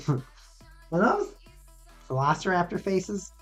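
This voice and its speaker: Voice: medium pitch, slow pace, faint music behind. A laid-back, sarcastic streamer from North America, chatting casually and rambling on a live stream.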